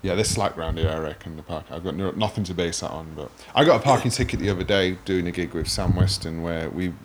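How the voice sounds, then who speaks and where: Laid-back Yorkshire man, lowish voice. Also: fast, slight background noise. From Rotherham, England. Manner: easygoing, lots of agreeing fillers. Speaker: podcast host. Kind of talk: casual podcast chat.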